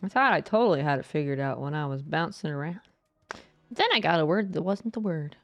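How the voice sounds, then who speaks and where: A woman streaming a game live, chatting casually and playfully with her viewers and greeting them in a high sing-song voice. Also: expressive, brisk, soft background music. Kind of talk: casual live-stream chat while gaming.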